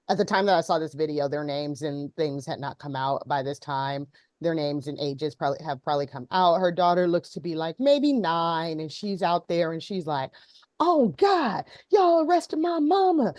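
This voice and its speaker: A woman's voice: fairly low pitch, darkish tone, dry recording, studio quality. A woman hosting a casual talk show, retelling a viral video with many ums. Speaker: host. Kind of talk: casual chat.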